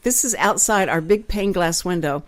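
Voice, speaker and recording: A woman hosting a casual radio interview show from a small studio, chatty and quick to laugh, talking into a headset mic. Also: lowish voice. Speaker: radio talk show host.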